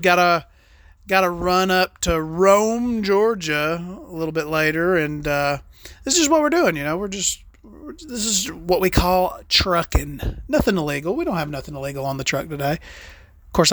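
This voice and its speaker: A woman's voice: deep voice, animated, moderate pace, a bit bright, dry recording, clean studio sound. A woman hosting a podcast, talking in a casual, rambling, profane and joking way. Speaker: podcast host.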